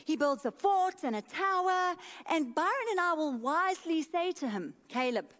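A woman's voice: very high voice, very animated, normal speed, a bit bright. A woman pastor in her thirties preaching a sermon with an emphatic, repetitive cadence.

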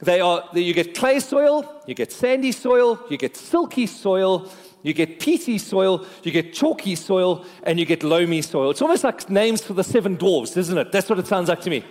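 A male pastor preaching a sermon in a lively, joking way, talking straight to his congregation. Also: high voice, normal speed. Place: church. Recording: long reverb of a church hall.

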